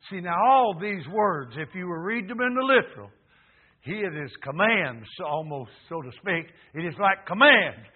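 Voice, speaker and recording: Man in his 70s, preacher, emphatic sermon, raised pitch, tinny phone-like sound. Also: big pitch swings, moderate pace, breathy edge. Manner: emphatic, swings from low murmurs to loud fervent peaks.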